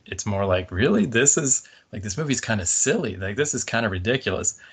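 A man's voice: fairly low pitch, fairly bright tone. A man talking casually about a film on a podcast, rambling and laughing often. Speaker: podcast guest.

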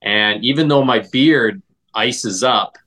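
A man's voice: mid-range voice, slow, pushed and bright. A man from Canada, a vet guest, chatting in an easygoing, jokey storytelling way. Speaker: veterinarian guest. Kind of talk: casual interview chat.

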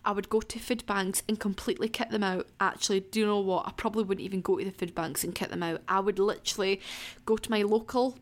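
A woman's voice: mid-range voice, steady tone, fast talker. Chatty woman hosting a podcast. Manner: candid, chatty, heartfelt, occasional swearing. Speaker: podcast host. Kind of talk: casual solo Q&A podcast chat.

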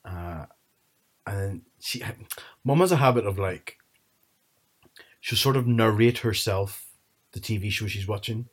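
A husky, fairly low-voiced man. He chats casually and rambles through family stories, acting out what his relatives said. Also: unhurried, long pauses. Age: 30s. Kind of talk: casual chat.

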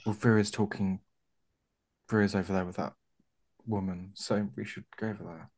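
A man's voice: lowish voice, steady tone, moderate pace, a little mellow, breathy edge. A man playing a tabletop game, chatting casually with joking remarks.

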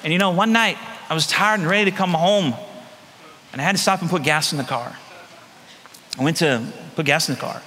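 Pastor preaching in a reverberant hall. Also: male voice, on the high side. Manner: conversational storytelling, dropping soft and slow on key phrases. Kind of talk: sermon with personal stories.

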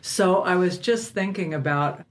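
A woman's voice: lowish voice, a little slow, slight background noise. A woman hosting a podcast in casual chat, rambling and tagging her thoughts with "right?". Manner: rambling, with frequent "right?" tags. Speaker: podcast host. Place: guest's home, around a table.

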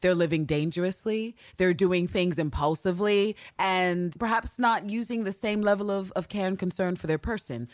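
A woman hosting a podcast in casual chat, animated and profane, with theatrical asides. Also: on the low side, moderate pace, hardly any pauses, no echo. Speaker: podcast host.

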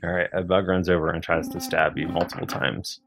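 A man's voice: little pitch movement, fairly quick, fairly bright tone, a little hiss or hum. A man running a tabletop game as dungeon master, calling out rolls with dry teasing. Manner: dry teasing, wide-ranging pitch.

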